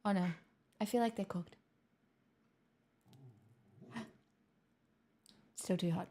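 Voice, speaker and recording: A woman's voice: medium pitch, steady tone, takes it slowly, long pauses, mellow. A woman live streamer chatting casually with her viewers at home in her kitchen, playful and self-mocking.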